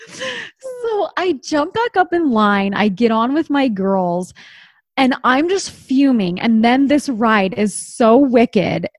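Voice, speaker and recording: An animated woman in her thirties from Utah tells a long story in casual chat, fond of "like" and acting out what everyone said. Her voice sits a little high and the sound is dry and close. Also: takes it slowly, no echo. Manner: animated, lots of "like", acts out quotes.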